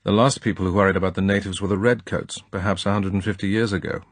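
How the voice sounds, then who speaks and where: A man's voice: low-pitched, steady tone, fast, no echo. A man voicing a cool, needling male British secret agent with a dry, probing manner.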